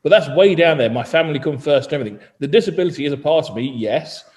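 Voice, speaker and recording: Male co-host, raised pitch, lively anecdotal delivery, reverberant room. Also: quick pace. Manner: animated storytelling, mimics other people. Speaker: journalist and co-host. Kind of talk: casual podcast chat.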